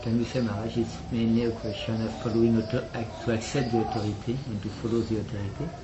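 A man, a student, softly and deferentially asking his teacher questions. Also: on the low side, level tone, fast talker, background noise.

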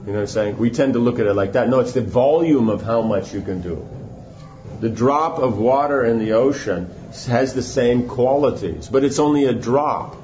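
A spiritual teacher leads an informal class, explaining points conversationally and constantly checking in with listeners by asking "right?". His mid-range voice is a little mellow and moves at a moderate pace, while the audio is dull with slight background noise.

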